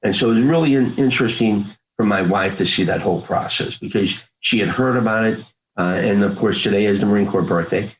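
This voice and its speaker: An older man in his sixties talks through his memories as an interview guest. He is earnest and folksy, and he slips into the voices of family members as he retells old talks. His voice sits a little low. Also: fairly quick, rough recording. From United States. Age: 60s. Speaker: interview guest, former Marine. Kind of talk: conversational storytelling.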